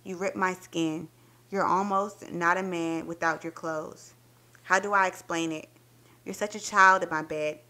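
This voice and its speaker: Woman, lowish voice, dramatic story reading, intimate first-person telling, expressive. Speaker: book reviewer reading a story aloud.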